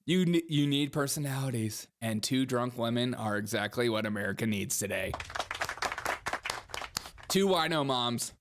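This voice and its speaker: A man's voice: mid-range voice, animated, normal speed, heavy background noise. Sarcastic man riffing on headlines. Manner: sarcastic, laughs often, riffs on headlines. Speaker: podcast host. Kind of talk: comedic political commentary.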